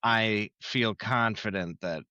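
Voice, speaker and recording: A man co-hosting a casual podcast, talking in an unhurried, rambling way with plenty of laughter and restarts. His voice sits a little low and sounds bright and forward. The recording is dry and close. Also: no echo, highs cut off. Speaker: podcast co-host. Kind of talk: casual chat.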